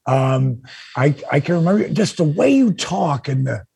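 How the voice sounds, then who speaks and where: A man's voice: on the high side, normal speed, gravelly, slightly rough, dry recording. A man co-hosting a podcast, telling a story in casual chat and acting out the dialogue with energy. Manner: animated, acts out quoted dialogue. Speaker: podcast co-host.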